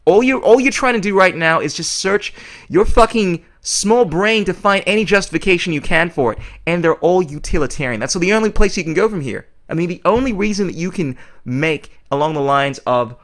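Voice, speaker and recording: A man's voice: on the high side, animated, a little fast, a bit bright. A man hosting a podcast, delivering a blunt, opinionated monologue full of swearing. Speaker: podcast host.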